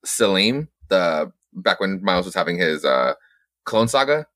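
A man's voice: low voice, sing-song, measured pace, a bit bright, no room sound, studio quality. A man co-hosting a casual podcast, talking in a rambling way with restarts and fillers. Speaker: podcast co-host, comic reviewer. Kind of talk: casual chat.

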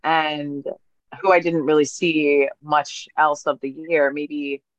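A woman's voice: sits low, little pitch movement, slow, no echo, low-quality recording. A woman co-hosting a podcast, telling stories in a chatty, playful way with lots of fillers. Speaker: podcast co-host. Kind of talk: casual chat.

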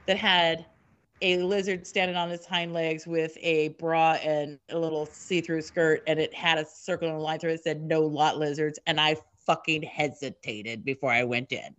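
A woman with a low voice tells a story in casual chat, the audio sounding dull. She's animated, swears, and acts out the quoted lines of every person in the story.

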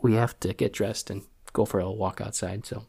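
A man's voice: lowish voice, fairly even intonation, gravelly, dark tone, slightly rough. Emotional man on a film podcast. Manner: emotional, halting, choking up. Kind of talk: casual film discussion.

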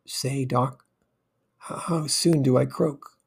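A man voicing a stubborn, rough-talking teenage boy with blunt slang. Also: mid-range voice, steady tone, takes it slowly, full character voice. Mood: weary.

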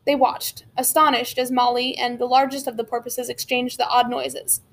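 A woman narrating a children's adventure novel as an audiobook, with steady storytelling and occasional slips and restarts. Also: a little high, normal speed, creaky, few pauses. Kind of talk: reading a children's novel aloud.

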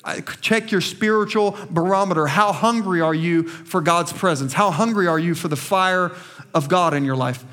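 A man's voice: high voice, moderate pace, fairly bright tone. A man preaching a sermon as pastor to a small congregation in a church, emphatic and impassioned, calling out to the people.

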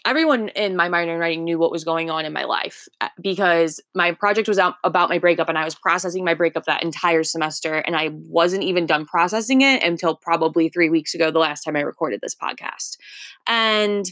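A woman's voice: fairly low pitch, brisk, a bit bright, dry recording, clean studio sound. A young woman in her twenties telling a story on her podcast, chatty and full of filler words. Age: 20s. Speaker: podcast host. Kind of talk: casual storytelling monologue.

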